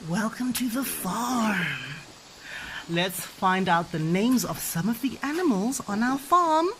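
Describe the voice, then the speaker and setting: A woman's voice: fairly high pitch, expressive, slow, noisy background. A young adult woman, a mother playfully teaching her child words with toys, sing-song and making animal sounds. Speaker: parent teaching Shona words.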